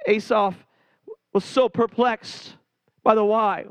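High-voiced emotional pastor. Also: male voice, measured pace, smooth, no room sound. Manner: emotional, heartfelt, repeats words when moved; frequent "uh" fillers. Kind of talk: sermon.

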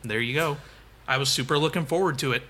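A man's voice: on the high side, fast talker, pushed and bright. A young adult man co-hosting a podcast in a laid-back, agreeable way, often answering in short replies. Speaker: podcast co-host. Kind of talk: casual chat.

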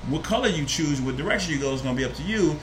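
A man's voice: a little high, very fast, roomy sound, slight background noise. A man with a New Jersey accent telling a personal story in casual, profane chat, acting out what people said. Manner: animated, profane, acts out quotes.

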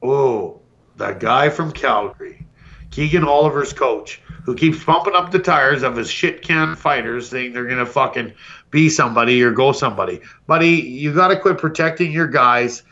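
A man's voice: medium pitch, animated, moderate pace, sharp tone, dull audio. A man hosting a podcast, delivering a brash, profane comedic roast rant. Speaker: podcast host.

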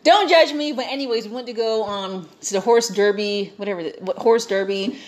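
A young woman chatting casually, telling an animated story and quoting herself and others along the way. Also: mid-range voice, a little fast.

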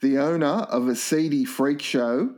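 A man co-hosting a comedy podcast, pitching absurd ideas in a deadpan way. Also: measured pace. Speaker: co-host.

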